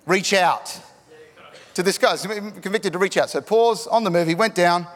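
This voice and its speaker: Preaching a storytelling sermon, this middle-aged Australian man is lively and jokey, pushing into shouts when the moment peaks. He talks at a moderate pace, his voice slightly high for a man, and it carries a long echo as in a big hall.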